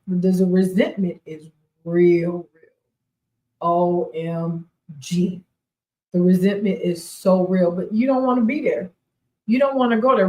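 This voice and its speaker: A woman's voice: mid-range voice, a little mellow. A woman in her forties hosting a faith-based talk show, speaking emphatically, repeating her key points and laughing often. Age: 40s. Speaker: radio show host. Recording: roomy echoey sound.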